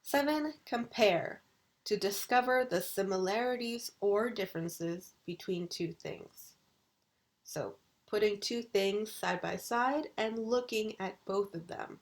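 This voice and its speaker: Vocabulary words are enunciated slowly and deliberately by a woman university English lecturer recording a video lesson. She has a mid-range voice.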